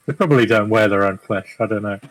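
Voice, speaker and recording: A man's voice: fairly low pitch, fast, no room sound, poor audio. A man playing a tabletop game, hesitant and often unsure. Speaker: player. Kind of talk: casual chat at a tabletop game.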